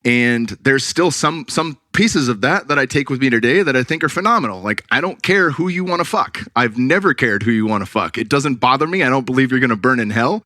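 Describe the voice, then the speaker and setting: A man's voice: mid-range voice, expressive, a little fast, few pauses, bright, forceful tone, no room sound, studio quality. A man from the California Bay Area hosting a podcast, talking casually and bluntly and swearing freely. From California Bay Area, USA. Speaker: podcast host.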